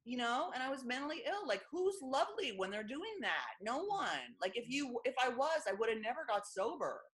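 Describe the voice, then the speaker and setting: A woman's voice: a little high, big pitch swings, normal speed, fairly bright tone. A middle-aged woman guest speaking bluntly and with self-mocking humor, acting out other people's lines in candid interview chat. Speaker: author and guest.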